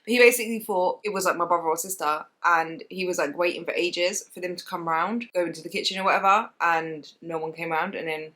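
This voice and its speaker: Fast-talking woman telling a ghost story. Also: on the low side. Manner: fast animated storytelling, acts out sounds and quotes. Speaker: vlogger. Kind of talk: casual storytelling to camera.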